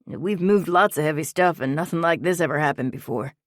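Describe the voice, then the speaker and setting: A woman's voice: low-pitched, brisk, no echo, studio quality, close to an everyday voice. A woman voicing a spooked young male workman who talks nervously.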